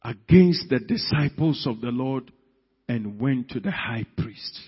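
A man preaching a sermon, telling the story dramatically with sudden loud emphatic peaks. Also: mid-range voice, animated, unhurried, breathy edge. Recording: dull sound in a reverberant hall.

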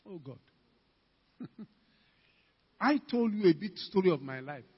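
A man preaching in Ghanaian English, his husky voice sitting high as he calls out questions and builds to shouts. It sounds like a dull, lo-fi recording with a long reverb tail from a church hall. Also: animated, takes it slowly. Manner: emphatic, calls out to the congregation, rising to shouts. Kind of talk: sermon.

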